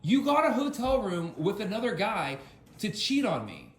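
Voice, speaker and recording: A man's voice: sits high, huge pitch swings, normal speed. A husband confronting his wife angrily in a filmed argument at home. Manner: angry, confrontational. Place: home kitchen. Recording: echoey room, faint noise.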